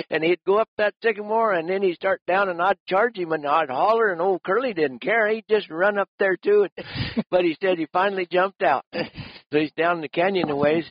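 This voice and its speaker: Folksy old-timer spinning a hunting yarn. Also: male voice, high-pitched, moderate pace, no echo. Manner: folksy, laughing, drawling rural talk. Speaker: rancher and lion hunter. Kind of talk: casual storytelling. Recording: dull lo-fi sound.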